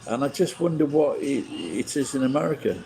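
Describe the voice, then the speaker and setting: A man's voice: mid-range voice, animated, a little fast, creaky, warm tone, poor audio. A middle-aged man from England, hosting a rambling, casual livestream chat and swearing bluntly as he shares strong opinions. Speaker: livestream host.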